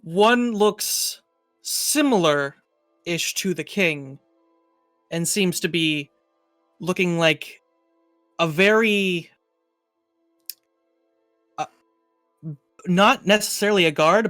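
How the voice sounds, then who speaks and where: A man running a tabletop game as game master, narrating slowly with halting pauses. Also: high voice, fairly bright tone, dry recording, faint music behind.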